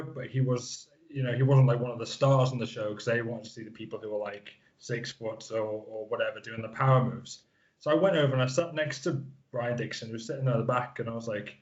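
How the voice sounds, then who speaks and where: Thirties guest from the Isle of Man, mid-pitched, loose rambling storyteller, muffled audio. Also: darkish tone. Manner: rambling, lots of fillers and restarts. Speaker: guest wrestler. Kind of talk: casual interview chat.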